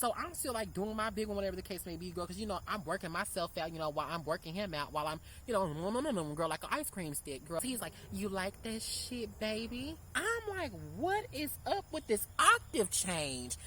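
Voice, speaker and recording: A woman's voice: on the low side, lively intonation, quick pace, few pauses, a bit bright, a little hiss or hum, low-quality recording. Sassy young woman telling a story. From Memphis, Tennessee. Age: 20s. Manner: sassy, brash, keeps calling the audience girl and honey. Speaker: vlogger. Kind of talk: casual storytime.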